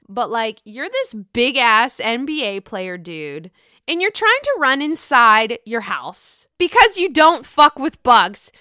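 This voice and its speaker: Young woman host, sassy, profane, casual chat, higher voice, crisp and dry close sound. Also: dry recording. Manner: sassy, expressive, swears freely. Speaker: podcast host recapping reality TV.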